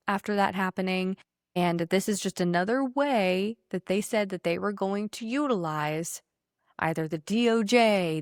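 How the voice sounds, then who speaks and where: A woman co-hosting a podcast, ranting in casual political chat, blunt, sarcastic and quick to swear. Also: fairly low pitch, no echo, studio quality. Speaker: podcast co-host.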